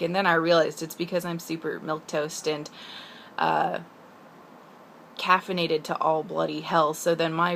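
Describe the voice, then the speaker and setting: A young woman from the Pacific Northwest rambling in a casual video letter to her sister, chatty and self-deprecating with quick asides. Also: lowish voice, fairly even intonation, fairly bright tone, a little hiss or hum. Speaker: vlogger.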